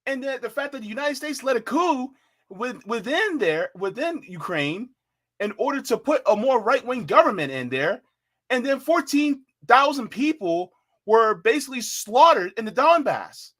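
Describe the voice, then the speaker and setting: Male panelist, high, lively voice, heated rant, slangy. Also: moderate pace. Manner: animated, repeats himself, says bruh, mimics others in quotes. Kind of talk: heated political panel talk.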